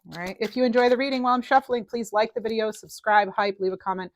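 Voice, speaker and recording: A woman giving a casual tarot reading to camera, chatty and animated, full of fillers and restarts. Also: on the high side, fast. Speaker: tarot reader.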